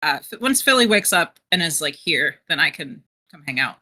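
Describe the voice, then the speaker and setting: A woman's voice: sits low, sing-song, normal speed, sharp tone. A woman playing a tabletop game, talking earnestly in character and explaining herself at length. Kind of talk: in-character role-play chat.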